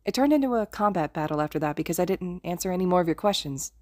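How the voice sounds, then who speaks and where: A woman voicing a nervous, eager teenage boy hero who stammers and gushes in a quick, excitable voice. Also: fairly low pitch, dry recording, studio quality, close to an everyday voice.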